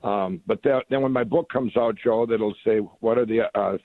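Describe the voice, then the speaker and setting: A man's voice: lowish voice, moderate pace, dry recording. A middle-aged man being interviewed over the phone, rambling and enthusiastic, with lots of restarts. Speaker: guest. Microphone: phone line. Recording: tinny dry phone line.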